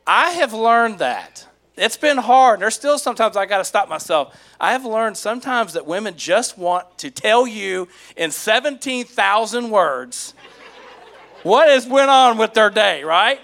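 Bright high-voiced joking male pastor. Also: lively intonation, unhurried, creaky. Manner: folksy, teasing, self-deprecating. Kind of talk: joking sermon asides.

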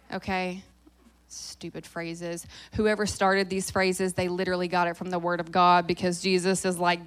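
Southern woman in her 30s, guest preacher, quick and jokey, hushed in prayer. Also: on the low side. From American South. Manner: lively, joking, fast-talking. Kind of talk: sermon.

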